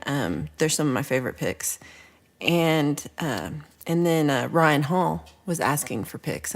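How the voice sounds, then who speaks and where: Chatty woman on a livestream. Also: sits low. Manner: chatty, rambling, playful, drops into whispered asides. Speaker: livestream host. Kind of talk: casual livestream chat reading viewer comments.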